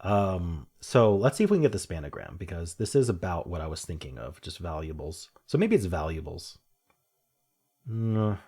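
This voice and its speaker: With a warm, slightly rough low voice and lively intonation at a moderate pace, a young puzzle streamer talks himself through word puzzles. He muses aloud and laughs at his own jokes.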